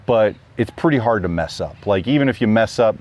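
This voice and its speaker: A man's voice: on the low side, lively intonation, a little fast, darkish tone. A man being interviewed about a trip, talking casually and rambling with lots of fillers and restarts. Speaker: guest hiker. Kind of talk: casual chat.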